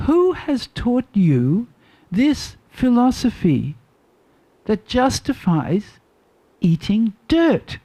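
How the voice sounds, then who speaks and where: A worried mother scolds her little son, slow and earnest, each word given weight. An older woman voices her in a storytelling class, with a mellow, unhurried tone. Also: fairly high pitch, big pitch swings, full character voice. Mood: admonishing.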